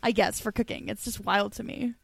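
A woman co-hosting a podcast, talking in a casual chat and telling stories in an animated way with frequent laughs. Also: mid-range voice, brisk, creaky, breathy edge, dry recording. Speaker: podcast co-host.

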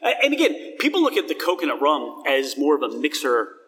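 A man's voice: on the high side, huge pitch swings, a little fast, fairly bright tone, distant mic. A man hosting a casual tasting chat, talking enthusiastically and descriptively in a rambling way. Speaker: host. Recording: long hall reverb.

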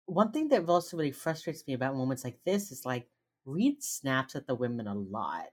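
A woman's voice: rumbling low, moderate pace, breathy edge. A woman chatting casually as a co-host, recapping a TV episode and acting out the characters' lines. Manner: animated, acts out characters' lines in put-on voices. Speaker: podcast co-host. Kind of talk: casual chat recapping a TV show.

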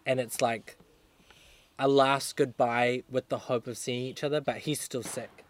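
A young man chats loosely with a co-host, his voice sitting at an ordinary middle pitch. He rambles through stories and leans on lots of fillers. It sounds like an easygoing outdoor podcast. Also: steady tone, a little slow, slight background noise. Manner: rambling storyteller, many fillers. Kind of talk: casual chat. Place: outdoors in a garden.

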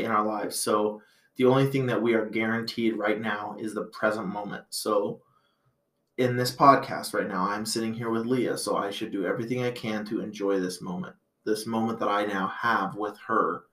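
Low-voiced man rambling in a roomy space. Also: fairly even intonation, normal speed, fairly bright tone. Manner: rambling, reflective, many fillers. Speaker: podcast host. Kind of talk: casual podcast chat. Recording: roomy echo.

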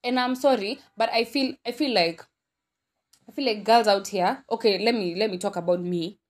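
A woman's voice: mid-range voice, normal speed. A young woman with a Kenyan accent hosting her own podcast, talking candidly in a rambling, casual monologue full of fillers and self-corrections. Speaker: podcast host.

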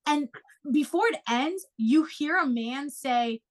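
A young woman speaks slowly in a high voice as she tells a story to her co-hosts in casual talk. Animated and swearing freely, she breaks into voices for every quote.

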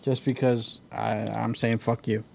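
Easygoing male host, mid-pitched, jokey, keeps the show moving. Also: little pitch movement, a little slow, creaky, darkish tone, a little hiss or hum. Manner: laid-back, joking, runs the card. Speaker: podcast host. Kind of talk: casual fight-pick chat.

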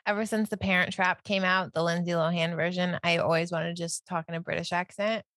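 A talkative woman in casual conversation who turns reflective as she speaks. Her voice sits a touch low, and the recording is dry and close. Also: steady tone, brisk, a bit bright, no room sound. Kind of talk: casual chat.

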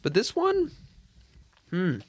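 A man co-hosting a casual podcast, laid-back and halting, often restarting his sentences. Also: high-pitched, wildly swooping pitch, breathy edge, no echo. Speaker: podcast co-host.

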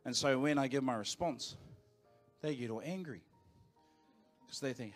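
A man's voice: mid-range voice, moderate pace, soft background music. A man in his forties with a New Zealand accent preaching a sermon in a conversational, anecdotal way, with asides to the congregation. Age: 40s. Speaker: pastor. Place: church auditorium.

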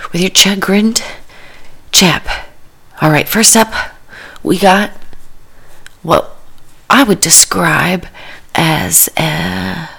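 A woman's voice: on the low side, creaky, a bit bright. A woman podcast host giving comedic commentary on a cooking show, with dry, rambling asides that often drop to a whisper.

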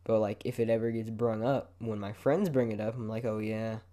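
A young man's lowish, dark-toned voice keeps a steady tone and a brisk pace during his casual solo podcast. He rambles, stays laid-back, swears frequently, and moves his head around the microphone.

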